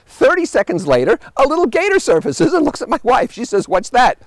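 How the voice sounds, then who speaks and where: Male host, high animated voice, wry anecdotal travel monologue, dry close sound. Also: fairly quick, dry recording. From United States. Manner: animated storyteller, wry punchlines.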